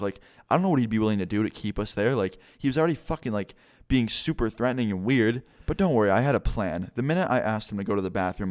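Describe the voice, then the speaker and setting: Brief: young male vlogger, low smooth voice, casual storytime with lots of swearing. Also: darkish tone. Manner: casual, swearing, rambling with "like" fillers. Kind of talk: storytime vlog.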